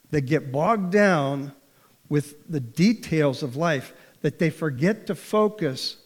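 A man preaching a sermon in an earnest, direct way, posing rhetorical questions to his listeners. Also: a little high. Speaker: pastor. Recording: long hall reverb.

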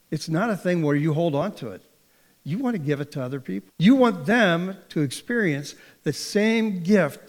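A man's voice: on the high side, darkish tone. A man preaching a sermon in an earnest, direct way, posing rhetorical questions to his listeners. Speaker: pastor. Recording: long hall reverb.

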